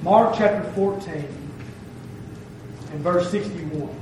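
Speaking slowly in a voice that sits high, a man preaches with emphasis and keeps asking "okay?" to see if people are following. The room is very echoey, he's heard from a distance, and there's background noise.

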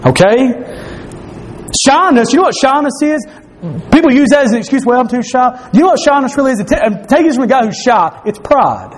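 A man's voice: very high-pitched, expressive, brisk. A man preaching in a church, earnest and confessional, repeating phrases for emphasis. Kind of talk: sermon.

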